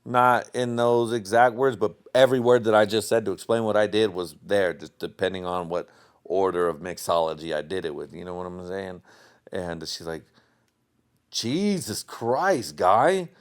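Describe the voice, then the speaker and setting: A man's voice: low-pitched, fairly even intonation, normal speed, smooth. A man hosting a casual podcast, telling stories in a rambling, profane way with bursts of laughter, a little tipsy from drinking. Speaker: podcast host.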